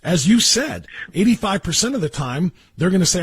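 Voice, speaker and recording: A male radio host interviews a guest, his voice heavily husky and breathy. He reads passages aloud with feeling and asks probing, careful questions. The studio sound is dry and close. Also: sits high, very animated, a little fast, dry recording. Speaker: radio talk show host.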